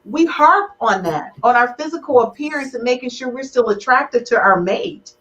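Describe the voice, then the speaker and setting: A woman hosts a relationship podcast with a slightly high voice. She teases her guests and gets emotional. The audio is dull and lo-fi, like a live stream. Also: normal speed. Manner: animated, teasing, emotional. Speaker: podcast host. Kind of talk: lively relationship podcast chat.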